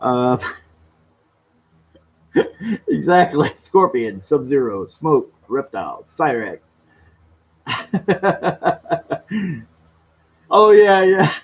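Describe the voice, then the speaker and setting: A man hosting a casual livestream and reading out chat, rambling and boisterous, with a slightly hoarse throat. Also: on the high side, expressive, very slow, long pauses, lo-fi sound. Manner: rambling, boisterous, self-deprecating.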